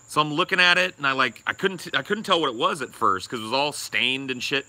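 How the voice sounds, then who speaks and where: A man's voice: medium pitch, quick pace, hardly any pauses, bright, forceful tone. A young man co-hosting a podcast, telling a rambling, crude story and swearing a lot. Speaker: podcast co-host.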